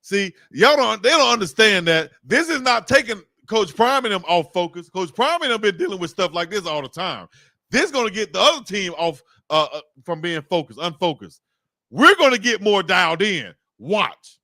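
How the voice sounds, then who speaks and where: Brief: high-voiced, bright fan commentator, hyped live play-by-play, dry close mic. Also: male voice, normal speed, no echo. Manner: excitable, shouting, cursing, slangy. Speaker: live stream host doing fan play-by-play.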